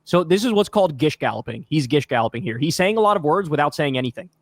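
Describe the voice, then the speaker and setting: A man's voice: a little high, animated, fast talker, dry recording, clean studio sound. A man hosting a reaction video, in mocking, profane casual commentary, laughing often.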